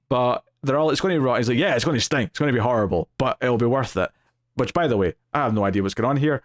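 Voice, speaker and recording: A man's voice: medium pitch, no room sound, studio quality. Chatty man reviewing a TV episode. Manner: animated retelling with acted-out quotes and frequent fillers. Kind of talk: casual spoken review.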